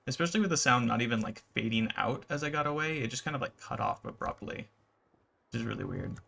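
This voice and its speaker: Gaming YouTuber, male, gravelly, mid-range pitch, loose rambling commentary over gameplay. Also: quick pace. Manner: relaxed, rambling, many fillers.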